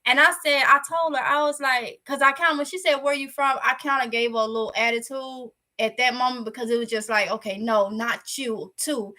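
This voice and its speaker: Woman, Mississippi Southern accent, casual vlog storytelling, candid, bright tone. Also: sits high, quick pace, few pauses. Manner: chatty, candid, lively retelling. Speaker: vlogger.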